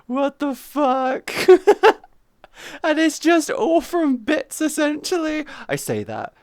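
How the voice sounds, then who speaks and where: A woman streaming live, chatting casually with her chat, giggly and playful, sometimes cooing softly in baby-talk. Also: high voice, huge pitch swings, slow pace, no echo, clean studio sound. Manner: giggly, playful, often laughing.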